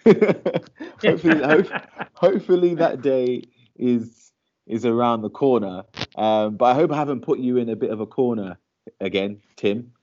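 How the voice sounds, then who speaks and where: A man's voice: medium pitch, moderate pace, a little mellow, dull audio. A man co-hosting a podcast in casual chat, laughing easily and talking with lots of fillers. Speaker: podcast co-host. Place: lives in Shanghai.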